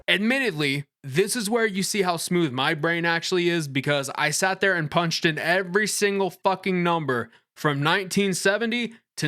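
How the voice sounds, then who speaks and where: A man's voice: fairly high pitch, a bit bright. A man giving blunt, irreverent, cursing commentary as he reviews a game, stumbling over restarts. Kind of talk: casual profane game commentary.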